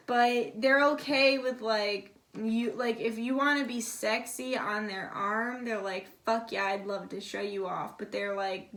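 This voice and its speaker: A woman's voice: medium pitch, a bit bright. A young woman giving a casual tarot reading, relaying messages in a chatty, confiding way and swearing now and then. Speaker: tarot reader.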